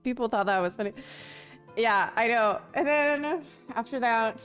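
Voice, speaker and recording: Slow-talking woman streamer telling a story. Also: on the high side, soft background music. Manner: animated retelling with frequent laughter and casual swearing; acts out her own quoted lines in lifted voices. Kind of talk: casual livestream storytelling.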